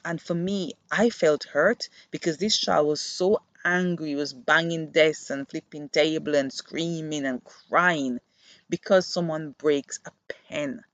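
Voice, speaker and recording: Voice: medium pitch, unhurried, a bit bright, no echo. A podcast host who works with children gives an earnest, reflective monologue and explains through classroom stories. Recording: dull, muffled dry recording.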